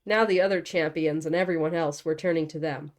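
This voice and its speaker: A woman's voice: deep voice, fairly even intonation, brisk. A young woman reading a novel aloud and breaking off for casual, joking commentary. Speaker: book channel host.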